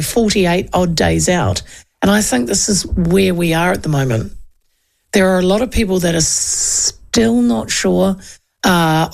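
Her voice is medium-pitched, a little mellow, with vocal fry. She's a New Zealand radio talk show host in her fifties, offering casual political commentary as she rambles loosely about polls.

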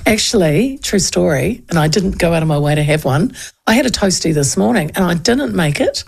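A middle-aged New Zealand woman hosting a radio show, telling a story in a chatty, animated way with frequent laughs. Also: on the low side, fairly quick, gravelly, slightly rough. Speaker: radio host. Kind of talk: casual storytelling chat.

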